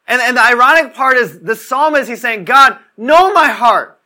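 With an extremely high, expressive, bright and forceful voice at normal speed, a young male preacher delivers a casual, conversational sermon. He tells stories and peppers his talk with "like."

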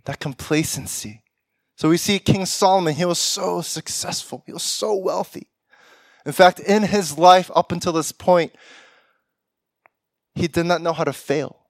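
A man's voice: sits high, unhurried, long pauses, dry recording, studio quality. A young man giving a sermon, often laughing and acting out the lines of people he imagines. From Korean heritage. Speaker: pastor. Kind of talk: sermon with acted-out quotes.

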